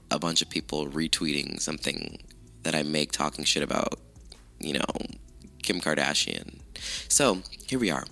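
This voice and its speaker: A man hosting his own podcast, chatting casually with lots of swearing and self-mockery, his voice rough with morning allergies. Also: rumbling low, sharp tone. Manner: chatty, profane, self-mocking. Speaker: podcast host. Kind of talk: casual solo podcast chat.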